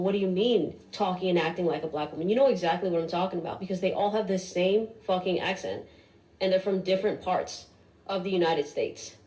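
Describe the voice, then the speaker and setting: A woman's voice: medium pitch, warm tone. Blunt woman ranting in an echoey room. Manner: blunt, exasperated, swears freely. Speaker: social media video creator. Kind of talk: blunt social media rant.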